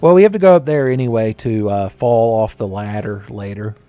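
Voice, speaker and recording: A man giving casual, joking commentary while playing a game, his voice a little raspy today and often breaking into laughs at his own asides. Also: lowish voice, a little fast, mellow, no echo. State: slightly raspy voice. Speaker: gaming commentator. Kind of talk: casual let's-play commentary.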